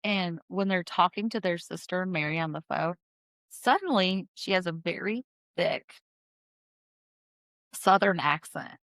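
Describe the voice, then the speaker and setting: In an in-person podcast studio, a woman host casually tells a true-crime story, chatty and full of fillers, restarting and correcting herself as she goes. Her voice is lowish and fairly bright, a little slow with frequent pauses, and the recording is dry.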